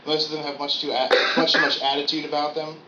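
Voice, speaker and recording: A man's voice: fairly high pitch, level tone, fast, reverberant. Stand-up comic, male, rambling and crude, laughs at himself; noisy, muffled live recording. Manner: rambling, profane, laughs at his own jokes. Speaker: stand-up comedian. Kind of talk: stand-up comedy set.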